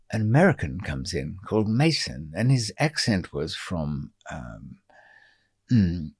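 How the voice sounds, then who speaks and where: A man with a fairly low voice spins a long story as a podcast guest, wandering off into wry asides and filling pauses with ums. The sound is close and dry, with no room echo. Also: slightly rough. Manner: rambling and digressive, many ums, wry asides. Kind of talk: storytelling in an interview.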